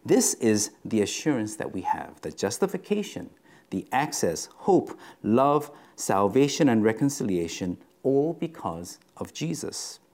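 A man preaching a sermon in a conversational way, often pausing on fillers and checking in with the listeners. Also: fairly low pitch, sing-song, darkish tone. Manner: conversational, with frequent fillers and "right?" check-ins.

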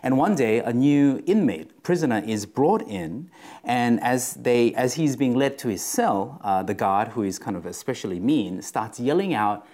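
A man preaching a sermon in a conversational way, often pausing on fillers and checking in with the listeners. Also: mid-range voice, animated, a little mellow. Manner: conversational, with frequent fillers and "right?" check-ins.

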